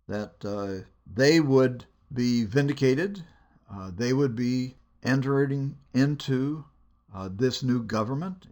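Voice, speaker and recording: A Bible lecturer with a medium-pitched voice teaches about biblical storytelling. He speaks in a measured, deliberate way, hesitating and pausing between phrases.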